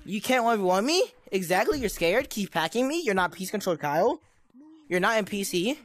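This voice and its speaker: A woman's voice: medium pitch, lively intonation, a little fast. Young woman trash-talking in a game. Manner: taunting, repetitive mock-tough insults. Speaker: gameplay streamer.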